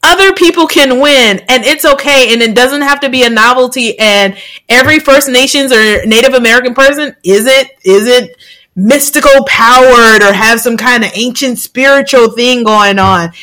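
A woman's voice: on the high side, normal speed, pushed and bright, poor audio. A woman co-hosting a podcast in casual chat, frank and blunt, and she swears freely. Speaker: podcast co-host.

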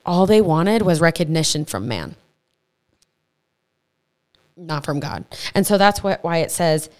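A woman with a low, deep voice hosts a casual faith podcast. She teaches in a chatty, earnest way, stumbling over words and tossing in quick asides as she goes. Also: animated. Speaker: podcast host. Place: home podcast setup.

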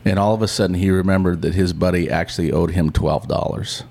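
Man, podcast co-host, casual Bible teaching, animated storyteller, deep voice, vocal fry. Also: fairly quick. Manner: animated storyteller who acts out quoted lines; chatty and informal.

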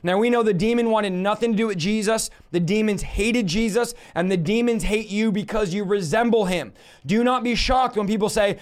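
A man preaching a teaching sermon to a live online audience in a forceful, emphatic way, breaking into sudden rebukes. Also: high voice, fairly quick.

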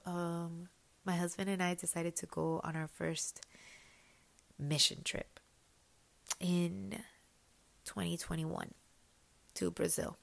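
A woman giving a personal faith testimony, switching between Spanish and English mid-sentence in a soft, confiding way that often sinks to a whisper. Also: on the low side, steady tone, slow, vocal fry, long pauses. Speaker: church member sharing her testimony.

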